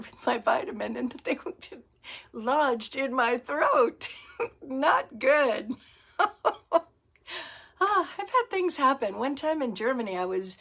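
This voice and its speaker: A middle-aged woman from Florida hosting a podcast, telling stories in a casual monologue and laughing often. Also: medium pitch. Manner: laughs often, storytelling with acted-out quotes. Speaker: podcast host.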